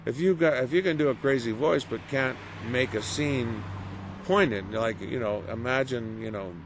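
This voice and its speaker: A middle-aged man giving a casual interview as a voice actor, animated and storytelling, acting out quoted reactions. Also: medium pitch, moderate pace. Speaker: voice actor guest. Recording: noisy background.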